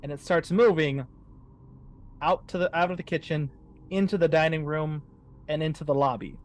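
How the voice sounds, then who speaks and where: A man running a tabletop horror game as game master, narrating scenes slowly for suspense. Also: on the high side, steady tone.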